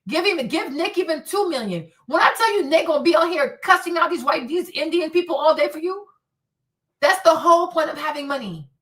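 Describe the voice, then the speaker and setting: Woman streamer, blunt profane rant, high voice, a bit far from the mic. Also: a little fast. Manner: blunt, profane, animated ranting. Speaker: host. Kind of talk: livestream commentary.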